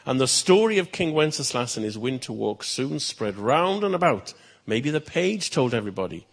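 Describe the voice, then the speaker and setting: A male pastor telling a story to children in church, lively, with chatty asides. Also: medium pitch, moderate pace, gravelly, few pauses.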